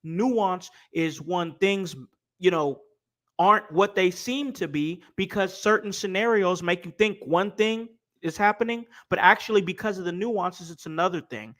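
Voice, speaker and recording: A man hosting a casual livestream chat, making his points emphatically and repeating them slowly. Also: high voice, fairly bright tone. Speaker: podcast host.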